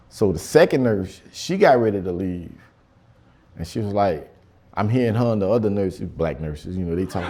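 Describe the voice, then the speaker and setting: A man's voice: fairly low pitch, animated, normal speed, dark tone. A man doing stand-up storytelling in loose, profane, conversational slang. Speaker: stand-up comedian. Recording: live show with audience laughter.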